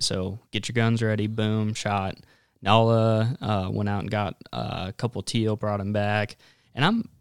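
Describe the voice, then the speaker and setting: A man's voice: on the low side, gravelly, smooth, no echo, clean studio sound. A young man co-hosting a hunting podcast, telling stories in a laid-back way with many fillers. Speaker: podcast co-host. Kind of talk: casual storytelling chat.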